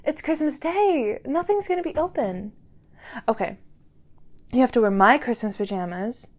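A woman's voice: on the high side, animated, normal speed. A young woman in an audio role-play, talking straight to the listener as an effusive, gushing partner who often breaks into laughter.

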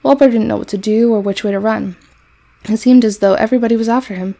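A woman reading a children's novel aloud in an expressive storybook manner. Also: a little high, quick pace, gravelly.

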